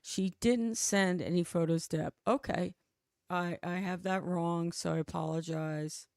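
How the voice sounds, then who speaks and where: A woman's voice: fairly low pitch, fairly even intonation, unhurried, a little mellow, no echo, clean studio sound. A woman hosting a casual podcast chat show, talking freely and laughing often.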